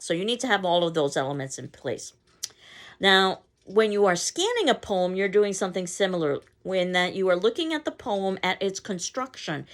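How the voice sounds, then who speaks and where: Woman teacher, lower voice, recorded lecture, conversational explaining. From not from the local area. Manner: explanatory, conversational, reads poem aloud in stressed beats.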